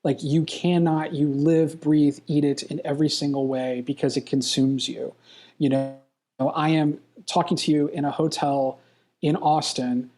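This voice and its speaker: A man's voice: fairly high pitch, level tone, darkish tone. A man talking as a filmmaker guest in a casual interview, enthusiastic and rambling, from a hotel room. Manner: enthusiastic, rambling, quick bursts.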